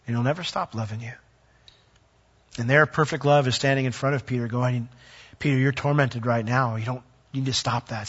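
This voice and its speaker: Husky-voiced man preaching a sermon. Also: mid-range voice, a bit bright, highs cut off. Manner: earnest preaching with light humor, reading scripture aloud. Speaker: pastor.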